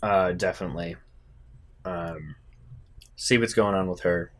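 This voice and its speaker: A man's voice: deep voice, a little slow, a bit bright, slight background noise. A man playing in a tabletop role-play, hesitant and mumbling. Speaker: player.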